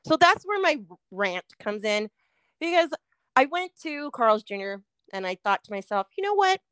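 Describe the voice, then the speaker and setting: A woman co-hosting a podcast, telling a fast food rant in casual chat, swearing freely and animated. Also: medium pitch, smooth, no room sound. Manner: swears a lot, animated ranting storyteller. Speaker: podcast co-host.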